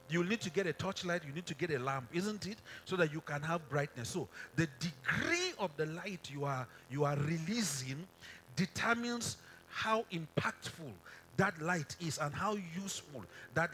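A man's voice: on the high side, sharp tone, slight background noise. A man preaching a sermon from a stage in a hall, often quizzing the crowd to finish verses and repeating phrases for emphasis.

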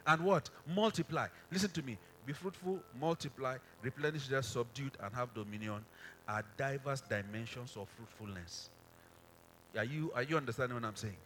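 A man's voice: medium pitch, normal speed, fairly bright tone, a little hiss or hum. A man preaching a sermon from a stage in a hall, often quizzing the crowd to finish verses and repeating phrases for emphasis.

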